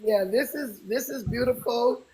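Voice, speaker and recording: A woman, chatting casually on a phone and praising everyone with warm, loose swearing. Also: fairly high pitch, measured pace, a crowd in the background, rough recording. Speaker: listener calling in to a live audio chat. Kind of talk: casual chat.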